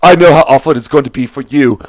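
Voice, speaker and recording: A man in an agitated spoken monologue, shouting and wailing as he piles up repeated words and lists. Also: medium pitch, fast talker, a little hiss or hum, rough recording.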